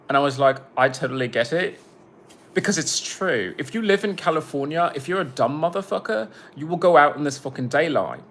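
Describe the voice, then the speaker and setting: A man's voice: fairly high pitch, fairly bright tone. A man who makes his own music, chatting casually on a livestream. He rambles, swears freely and breaks off to greet viewers.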